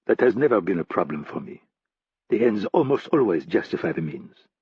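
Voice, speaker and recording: Man doing French-accented spy, suave, easy, low husky voice, dull audio. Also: very animated, a little fast, no room sound, heavily acted. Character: smooth confident French male spy.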